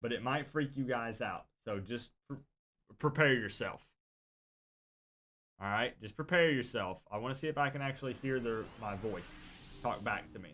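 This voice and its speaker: A man's voice: mid-range voice, normal speed. A man streaming a video game, chatting casually and animatedly with his viewers. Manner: chatty, animated, talks to chat directly. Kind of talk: casual gameplay chat with viewers.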